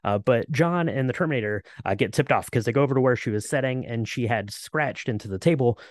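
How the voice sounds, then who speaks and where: A man's voice: medium pitch, fast, no room sound, studio quality. A man co-hosting a podcast, casually recapping a film with lots of fillers and restarts. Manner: relaxed, many fillers and restarts. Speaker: podcast co-host. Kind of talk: casual movie recap chat.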